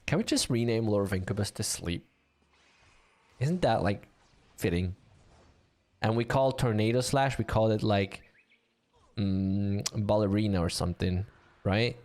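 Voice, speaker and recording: An esports caster covers a live online game match, chatting and joking with his co-caster and the audience and getting amused easily. His voice is lowish and darkish, and he speaks unhurriedly with long pauses.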